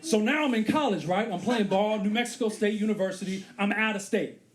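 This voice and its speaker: A man's voice: high voice, a little fast, a loud crowd. A man in his thirties doing stand-up comedy on a theater stage, acting out characters with big voice swings. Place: comedy theater stage before a live audience. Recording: live club recording with audience laughter.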